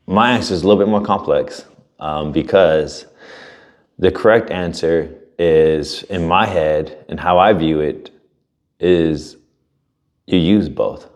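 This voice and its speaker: A man's voice: low voice, slow, a little mellow. A young man co-hosting a podcast, casual chat with a fired-up, profane motivational drive. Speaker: podcast co-host.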